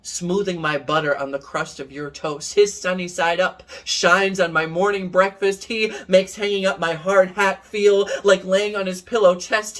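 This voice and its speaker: A man performing spoken word poetry in a measured, rhythmic way. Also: high voice, fairly bright tone. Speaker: guest poet.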